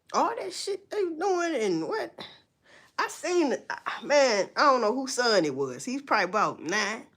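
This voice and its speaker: A woman's voice: fairly high pitch, fairly bright tone. A woman hosting a livestream, ranting bluntly and profanely with rhetorical questions. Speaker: livestream host. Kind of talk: casual livestream commentary.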